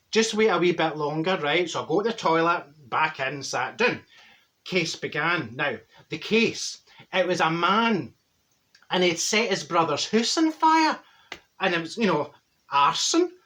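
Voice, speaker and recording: A man's voice: high voice, pushed and bright. Marjorie, a brash Glaswegian gossip, played by a man. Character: brash gossipy Glaswegian woman, straight-talking. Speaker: comic character monologue. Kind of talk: comedic character monologue.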